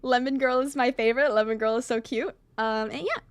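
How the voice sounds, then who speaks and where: A woman's voice: on the high side, steady tone, a little fast, clean tone, no room sound. A woman streamer chatting casually over a game, gushing with squealing exclamations and rambling, self-correcting sentences.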